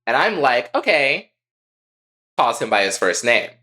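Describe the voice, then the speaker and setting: A man co-hosting a podcast, telling a story in a casual, profane and animated way. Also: medium pitch, normal speed. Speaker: podcast co-host.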